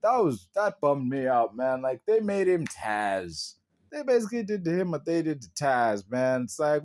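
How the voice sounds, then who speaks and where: A male podcast host talks in a loose, slangy rant, full of exclamations and frequent laughs. His pitch swings widely as he gets worked up. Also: very animated, normal speed, a little mellow. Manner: laughs often.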